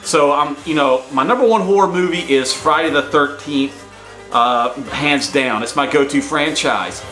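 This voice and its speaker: A man's voice: fairly high pitch, moderate pace, pushed and bright, soft background music. A man vlogging in a brash, boastful, hype-man patter. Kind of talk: casual hype vlog. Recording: echoey room sound.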